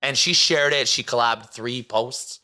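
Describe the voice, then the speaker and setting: A man guesting on a podcast, telling a long story in casual chat, excitable and swearing freely. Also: mid-range voice, measured pace. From Canada.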